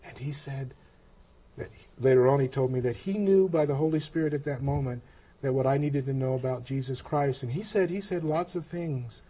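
Brief: man, husky, mellow voice, slightly high, halting personal testimony. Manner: slow, halting, with many pauses and restarts.

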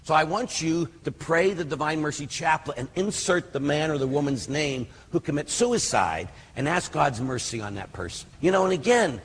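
A man's voice: fairly high pitch, animated, moderate pace, hardly any pauses, a little hiss or hum. An older man, a priest, teaching about prayer in an earnest, conversational way, full of fillers and digressions. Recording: hall reverb.

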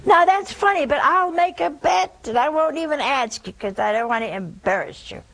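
A woman's voice: high-pitched, lively intonation, normal speed, creaky, fairly bright tone, rough recording. A woman preaching a broadcast sermon, telling folksy stories with a teasing edge.

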